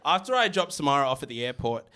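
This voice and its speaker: A young man in his twenties doing stand-up comedy, telling stories in a conversational way with quick asides. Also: mid-range voice, big pitch swings, background noise. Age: 20s. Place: living room.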